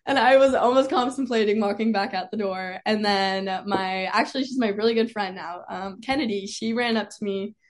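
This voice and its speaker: A woman's voice: medium pitch, fairly even intonation, normal speed, hardly any pauses. A young woman, a college cheerleader, telling her story as a guest in casual conversation, chatty and full of "like" fillers. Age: young adult. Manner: chatty, peppered with "like", laughs often.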